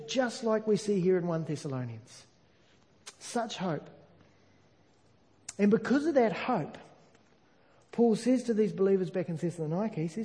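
A man preaching a sermon, earnest and emphatic, slowing down to stress key phrases. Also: sits high, warm tone. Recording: long hall reverb.

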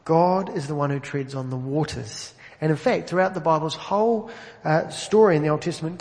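A man with a fairly high voice preaches a sermon in an easy conversational manner, turning often to ask his listeners direct questions. He speaks into an amplified microphone, and his words ring out with the long reverb of a large church hall. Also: a little mellow.

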